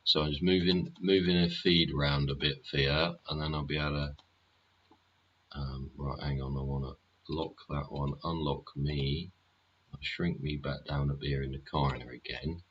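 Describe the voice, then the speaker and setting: Very deep-voiced sardonic streamer. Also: male voice, fairly even intonation, normal speed, dull audio, slight background noise. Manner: chatty, sardonic, swears a lot, asks rhetorical questions. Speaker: livestream host. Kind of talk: casual live-stream commentary.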